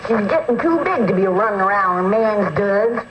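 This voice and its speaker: A man's voice: sits high, lively intonation, moderate pace, noisy background. A man playing a plain-spoken rural man in a 1961 screen test, with a folksy country drawl. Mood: wry.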